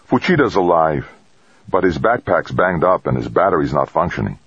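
A man's voice: extremely low pitch, normal speed, slightly rough, no room sound, muffled recording, heavily acted. A man voicing a stranded male astronaut who sounds tense but in control. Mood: tense, controlled. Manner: terse, calm under pressure.

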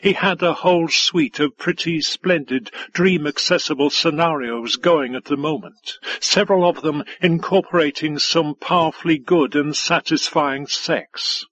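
A man narrating a science-fiction audiobook in a measured, wry storytelling manner. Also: fairly high pitch, a bit bright, lo-fi sound. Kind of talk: scripted narration.

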